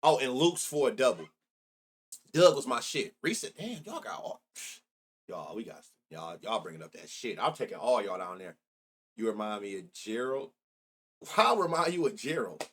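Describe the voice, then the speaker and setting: A man's voice: medium pitch, very animated, moderate pace, fairly bright tone. A middle-aged man hosting a sports betting live stream, chatting loosely and profanely while reminiscing and reacting to his chat. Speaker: sports betting show host.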